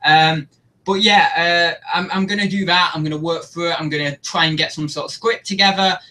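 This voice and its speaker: A young man hosting a casual live stream, chatting in a rambling, self-mocking way. His voice sits a little high and sounds bright and forward. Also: fairly even intonation, fairly quick. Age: young adult. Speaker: YouTube host.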